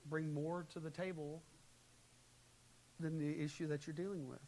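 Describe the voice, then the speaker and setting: A man preaching a sermon in a church, animated, shifting between quiet, calm advice and loud, acted-out quotes. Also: on the high side, normal speed, poor audio. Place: church sanctuary. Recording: faint hiss, live church recording.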